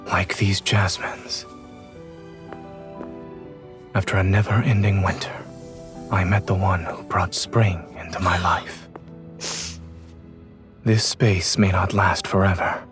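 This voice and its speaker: A man voicing a gentle, reserved male love interest in a video game, speaking softly and tenderly. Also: level tone, slow pace, pauses often, over music. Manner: soft, low, tender.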